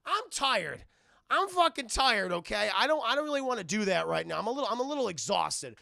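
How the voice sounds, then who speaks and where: A man's voice: high-pitched, animated, normal speed, creaky, pushed and bright, no room sound, clean studio sound, exaggerated voice. A man quoting a lazy, sly male trickster spirit who whines and sulks, while recapping a cartoon. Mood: whiny. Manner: whiny, sulky, sly.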